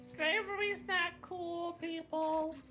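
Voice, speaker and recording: A woman with a very high, bright voice chats at a tabletop game. She is quick and insistent in a joking way, and faint music plays under the table talk. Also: fairly even intonation. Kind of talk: casual tabletop role-play.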